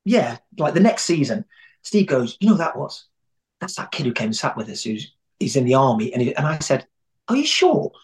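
A man's voice: medium pitch, a little fast, a little mellow. A man telling long anecdotes in a rambling, conversational way as an interview guest. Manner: rambling storyteller, many restarts.

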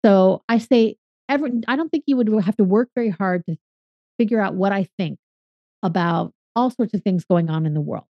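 A Californian woman in her fifties, a podcaster and strategic consultant, is a guest answering interview questions. Her mid-range voice moves briskly as she explains things reflectively, with some fillers. The recording is muffled but has no echo.

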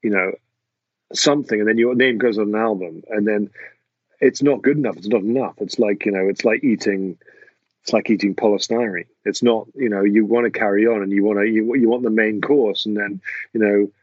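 Halting English man, dull dry sound. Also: fairly low pitch, steady tone, no room sound. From England. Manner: halting, many restarts and fillers. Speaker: music producer guest. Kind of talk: casual interview talk.

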